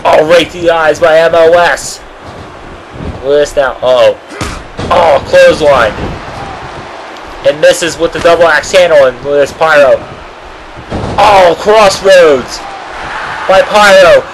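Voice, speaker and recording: Excitable young-sounding male wrestling commentator. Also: fairly high pitch, measured pace, long pauses, noisy background. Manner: excitable, frequent oh and oh man exclamations. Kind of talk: amateur play-by-play commentary.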